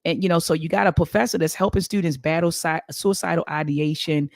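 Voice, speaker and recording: A man's voice: a little high, fairly quick, gravelly, no room sound, studio quality. A man in his forties hosting a live-streamed talk show, speaking emphatically, repeating his points and turning often to his guest. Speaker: talk show host and professor.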